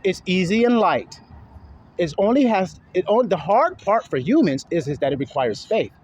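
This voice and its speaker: A man preaching in a casual, slangy street style, switching between loud and hushed delivery and acting out the voices of his listeners. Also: sits high, big pitch swings, moderate pace, highs cut off, slight background noise. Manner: casual slangy talk with swearing.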